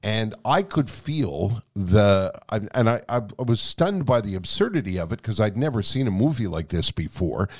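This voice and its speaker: Brief: lively male podcast co-host, a storyteller who laughs through his lines, with a wide-ranging voice. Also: lowish voice, moderate pace, hardly any pauses. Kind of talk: casual storytelling chat.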